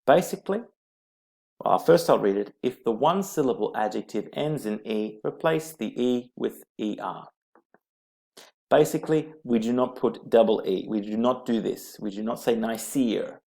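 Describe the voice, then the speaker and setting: A man teaching English grammar from slides, explaining slowly and patiently and repeating each rule letter by letter. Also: mid-range voice, creaky, a little mellow. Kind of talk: slide-based grammar lesson.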